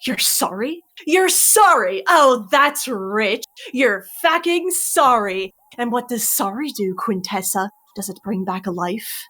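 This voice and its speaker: A player voicing Curling in a tabletop game, this woman describes what her character does and berates another character in a stern, foul-mouthed way. Her mid-range voice is bright and forceful, and she speaks slowly with few pauses.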